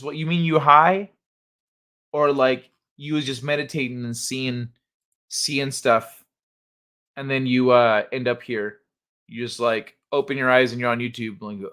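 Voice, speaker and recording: A man's voice: mid-range voice, steady tone, unhurried, a bit bright, clean tone. A man hosting a livestream, chatting casually and reading viewers' messages aloud with loose, profane asides that trail off into mumbles. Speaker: livestream host.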